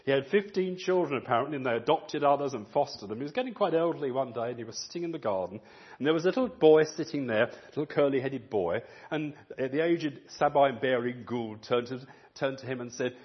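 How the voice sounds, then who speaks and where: A man delivering a sermon with a lively, swooping delivery and a slightly husky voice. His voice sits a little high for a man. The recording is dull and lo-fi. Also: brisk. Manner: animated storytelling, acts out quoted voices. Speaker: preacher.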